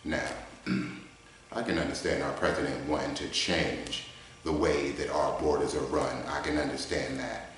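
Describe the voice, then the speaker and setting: A man voicing a mild-mannered, soft-spoken male debater who talks in a measured, hesitant way, recorded in a garage. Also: a bass voice, fairly even intonation. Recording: echoey garage.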